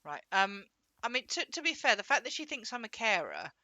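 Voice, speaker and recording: Chatty woman, bright and dry. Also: fairly high pitch, sing-song, brisk, no room sound. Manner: rambling, acts out quoted voices. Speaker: gaming co-host. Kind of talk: casual chat while gaming.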